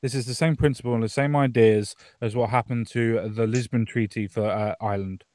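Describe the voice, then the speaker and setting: A man's voice: medium pitch, steady tone, fairly quick, a little mellow, no room sound, studio quality. A man from Britain co-hosting a podcast, giving his opinions on politics in a casual, explaining way. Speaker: podcast co-host.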